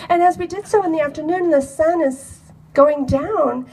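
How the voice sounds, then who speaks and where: A woman telling a personal story to an audience in an animated, expressive way. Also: sits high, moderate pace, far from the mic, poor audio. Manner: animated, expressive, acts out quoted dialogue with laughs. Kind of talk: personal anecdote told to a live audience.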